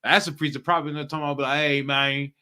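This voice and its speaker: High, bright-voiced man preaching in slang. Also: racing. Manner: animated, street slang, repeats "you know what I'm talking about". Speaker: teacher leading a live-streamed scripture class. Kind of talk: casual slangy preaching commentary.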